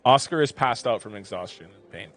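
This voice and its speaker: A man narrating a tabletop game as game master, describing scenes in a relaxed way with plenty of filler words. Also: mid-range voice, a little fast.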